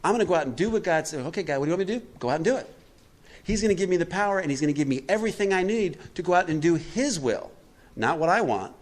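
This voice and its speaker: A man giving a recovery workshop talk, asking his listeners questions and answering them himself, acting out quotes with big swings in pitch and loudness. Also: racing. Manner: preachy, asks the room questions and answers them; acts out quotes with animated swings in pitch and volume. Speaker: workshop speaker.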